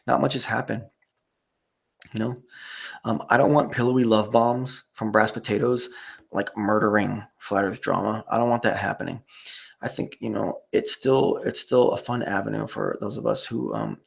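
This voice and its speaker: A low-pitched man with a gravelly voice, talking loosely and rambling through a live stream sign-off. He curses freely and leans on "you know" as he reads out chat messages. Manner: rambling, profane, many "you know" fillers.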